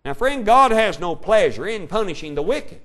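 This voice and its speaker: A male preacher delivering a sermon, reading scripture in an old-fashioned cadence and swinging between loud declaration and quiet asides. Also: sits high, sing-song, moderate pace. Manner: old-style King James reading cadence.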